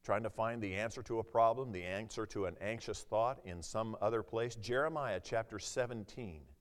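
Low-voiced man preaching a sermon. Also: normal speed, in a large hall. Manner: conversational, asks the audience questions, reads scripture with rising intensity.

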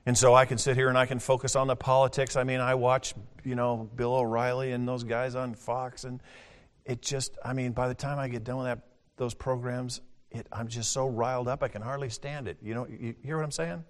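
An older man preaching a sermon as pastor, folksy, moving between booming scripture reading and quiet, chatty asides. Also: little pitch movement, a little fast. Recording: long hall reverb.

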